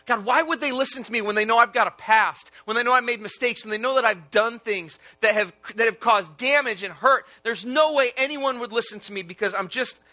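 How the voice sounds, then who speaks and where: A man's voice: extremely high pitch, a little fast, hardly any pauses, sharp tone, heavily acted. A man voicing Moses as an insecure, self-doubting man pleading with God during a sermon retelling. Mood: protesting. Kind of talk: sermon retelling with acted quotes.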